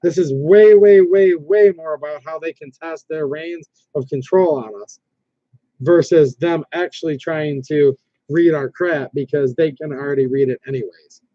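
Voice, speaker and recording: A man's voice: on the high side, normal speed, no echo. Rambling man hosting a casual livestream. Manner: rambling, reads viewer comments aloud, frequent restarts. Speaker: livestream host. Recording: dull lo-fi stream audio.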